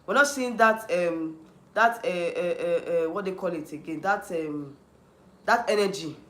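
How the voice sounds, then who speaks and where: A little slow in pace, the YouTube livestream host, a man with a Nigerian accent, delivers heated ranting commentary. His voice is high, bright and forceful, ringing in a noticeably echoey room, and he repeats points, restarts often and replies to chat.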